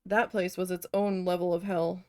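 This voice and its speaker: A woman's voice: lowish voice, flat delivery, normal speed, dark tone, dry recording. A woman chatting casually while she paints, telling a long, candid, profane story with rambling self-corrections. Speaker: art vlogger recalling a retail cashier job.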